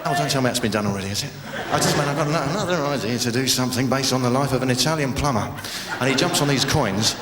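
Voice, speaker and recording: A man doing a rambling, self-mocking stand-up routine full of restarts and sudden shouted outbursts. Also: medium pitch, expressive, rapid-fire, few pauses. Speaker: stand-up comedian. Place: large live venue. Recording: live hall with crowd noise and echo.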